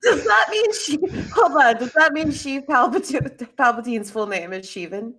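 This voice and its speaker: A woman playing a tabletop game in character, making quick joking asides. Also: high-pitched, expressive, bright, forceful tone. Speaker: player.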